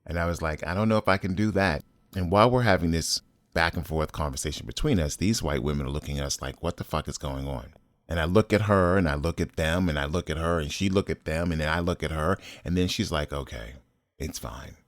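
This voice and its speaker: A middle-aged man telling a personal story in an animated, profane, dramatic way. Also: very deep voice, fairly quick, no room sound. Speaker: storyteller host.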